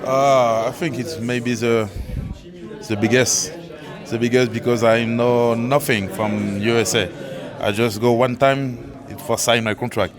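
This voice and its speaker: A man, a rugby player who is not a native English speaker, answering interview questions in halting, simple English. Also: mid-range voice, steady tone, music in the background.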